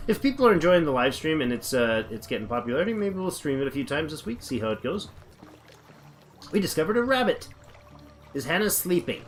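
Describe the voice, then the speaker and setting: A man's voice: a little high, big pitch swings, fairly quick, pauses often, faint music behind. A man casually chatting on a livestream while playing a game, rambling and thinking aloud as he reads the chat. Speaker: game streamer.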